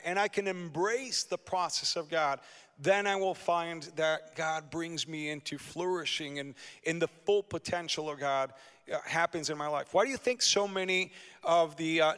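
A man pastor preaching a lively sermon in a church, asking the congregation rhetorical questions. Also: sits high. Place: church sanctuary. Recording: long hall reverb.

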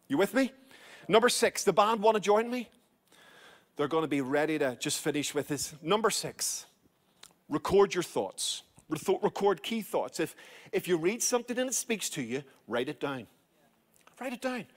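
A middle-aged male pastor preaching a sermon, urging his listeners and repeating key phrases. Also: sits high.

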